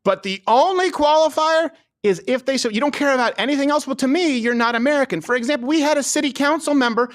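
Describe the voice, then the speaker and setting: Emphatic high-voiced male host. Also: quick pace, hardly any pauses, no room sound, studio quality. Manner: emphatic, mocking. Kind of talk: political comedy talk show.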